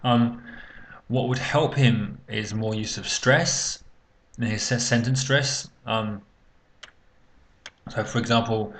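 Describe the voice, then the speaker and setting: A man's voice: mid-range voice, steady tone, slow, long pauses, fairly bright tone, slight background noise. A man teaching an English speaking exam lesson, talking unscripted and hesitantly with many fillers and restarts.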